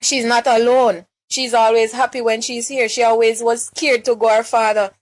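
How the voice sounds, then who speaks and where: A woman's voice: on the high side, little pitch movement, moderate pace. A young Jamaican woman on a live stream, distraught and close to tears, pleading for help, questioning her listeners and often repeating and restarting her words. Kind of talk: emotional live-stream plea.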